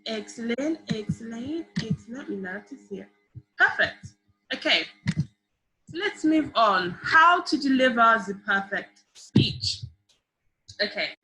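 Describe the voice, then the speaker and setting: A woman's voice: a little high, slow, soft background music. Encouraging young woman teaching on a video call. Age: young adult. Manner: lively, encouraging, asks the group questions. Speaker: public speaking workshop leader. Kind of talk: online seminar teaching. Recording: roomy video call audio.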